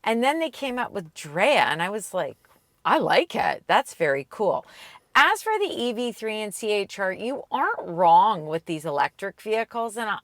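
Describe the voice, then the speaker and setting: A woman's voice: medium pitch, sing-song, normal speed, fairly bright tone, no room sound. A woman co-hosting a car show, reading out viewer questions and chiming in during casual chat. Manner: chiming in, finishing her partner's sentences.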